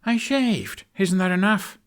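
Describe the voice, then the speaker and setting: A man reading the part of a young male dragon rider in an audiobook, flustered and quick to bicker back. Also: high-pitched, fairly bright tone, pitched above the performer's own voice.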